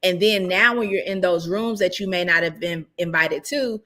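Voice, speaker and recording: A woman's voice: fairly low pitch, normal speed, pushed and bright. A woman speaking as a real estate investor, giving casual, emphatic advice and often checking in with rhetorical questions.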